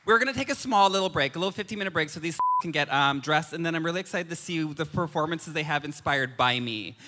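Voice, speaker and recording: A high, bright-voiced drag performer turning forty, riffing bawdy, self-mocking jokes into a stage mic. The voice rings in a live venue's long hall reverb, with giggles in the patter. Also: male voice, lively intonation, fast talker. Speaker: drag performer, guest of honor at her roast. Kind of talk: live roast stage banter. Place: live comedy venue with audience.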